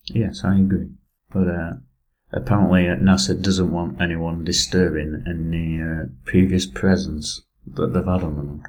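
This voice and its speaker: A man's voice: deep voice, little pitch movement, normal speed, hardly any pauses, a little mellow. A man in casual chat, explaining space topics with many fillers.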